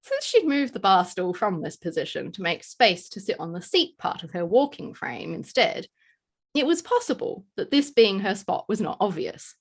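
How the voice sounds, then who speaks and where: A woman's voice: mid-range voice, sing-song, normal speed. A woman reading a story aloud as narrator, giving small voice shifts to quoted characters. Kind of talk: scripted narration.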